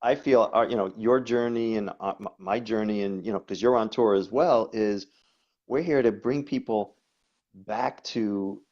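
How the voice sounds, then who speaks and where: A man's voice: lowish voice, measured pace. New man telling stories, lo-fi. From New York. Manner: animated storyteller, repeats words. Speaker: guest coach. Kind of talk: conversational storytelling. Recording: dull lo-fi audio.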